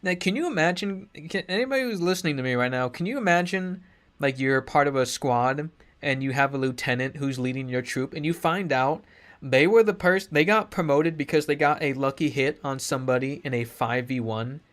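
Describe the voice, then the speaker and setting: A man's voice: medium pitch, moderate pace, fairly bright tone. A man ranting casually to his stream chat, sarcastic, swearing freely, laughing often.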